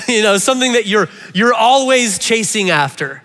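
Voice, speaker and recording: A man preaching a sermon to a church congregation, animated and playful, often addressing the audience directly. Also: high voice, normal speed. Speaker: pastor. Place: large church hall. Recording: reverberant church hall.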